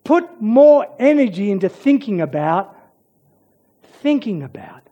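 A preacher giving a sermon, swinging between loud urging and hushed near-whispers. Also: medium pitch, big pitch swings, slow, dull audio.

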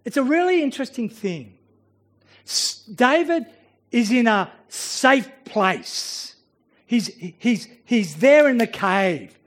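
Male preacher, high-pitched voice, earnest, stumbles over the start of phrases. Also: big pitch swings, takes it slowly. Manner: earnest, repeats words when starting phrases. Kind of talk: sermon.

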